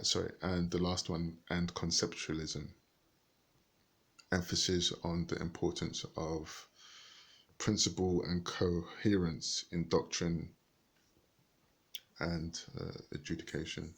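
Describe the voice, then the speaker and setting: A man reading a book aloud haltingly, stopping to look up words and rereading passages. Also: sits low, creaky, slightly rough. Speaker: reader.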